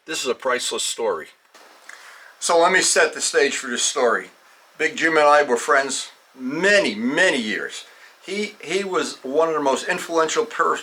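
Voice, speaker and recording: A man's voice: on the high side, pushed and bright, distant mic. A man in his seventies telling stories in a rambling, casual way, with frequent restarts. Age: 70s. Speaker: model aviation storyteller. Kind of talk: casual storytelling.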